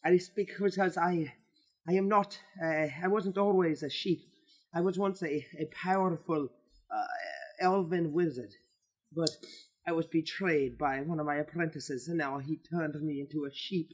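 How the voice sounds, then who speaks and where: A man voicing an elven wizard cursed into a sheep, in a higher put-on accent with a polite, stammering manner. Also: fairly even intonation, moderate pace, natural voice. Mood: earnest. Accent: put-on elvish accent.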